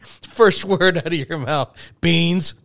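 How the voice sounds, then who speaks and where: A middle-aged man chatting casually as a podcast co-host, telling animated stories and laughing easily. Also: on the high side, takes it slowly, no room sound. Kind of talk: casual chat.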